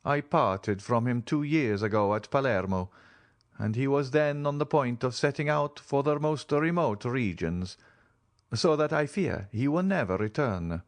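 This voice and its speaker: A male audiobook reader voicing a grave, reserved nobleman who speaks in a measured way. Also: medium pitch, expressive, pitched above the performer's own voice. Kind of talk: audiobook character reading.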